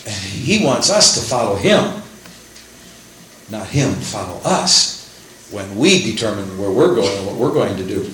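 A man preaching a sermon, quoting scripture and acting out prayers in an animated way. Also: on the low side, a little slow, pauses often. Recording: very echoey room with faint hiss.

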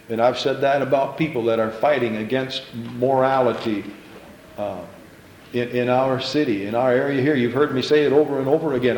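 A male pastor preaching an impassioned sermon in a church, repeating phrases and stumbling into quick restarts as he builds. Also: medium pitch, a little mellow, reverberant, slight background noise, low-quality recording.

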